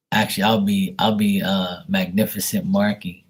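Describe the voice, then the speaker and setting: A man's voice: low voice, level tone, slow, long pauses, a little mellow, breathy edge. A man chatting casually to his viewers by name on a late-night livestream, rambling and teasing. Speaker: livestream host reading paid questions.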